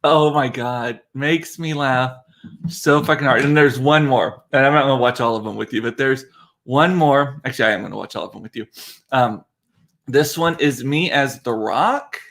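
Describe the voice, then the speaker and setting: Brief: chatty, giggly male host on a home computer mic, mid pitch, keeps cracking himself up. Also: normal speed, creaky, a bit bright. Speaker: livestream host, father. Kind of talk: casual livestream chat.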